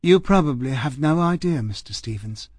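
A man reading the part of a tired, hurt middle-aged female housekeeper in an audiobook, speaking quietly and haltingly. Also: fairly high pitch, lively intonation, breathy edge, no echo, clean studio sound. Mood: weary. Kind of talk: audiobook character voice.

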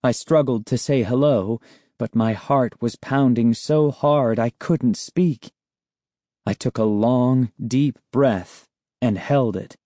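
A man narrating a children's novel in a slow, measured storytelling manner. His voice is mellow and warm, recorded close and dry with no room sound. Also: mid-range voice, no room sound. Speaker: audiobook narrator. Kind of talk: scripted narration.

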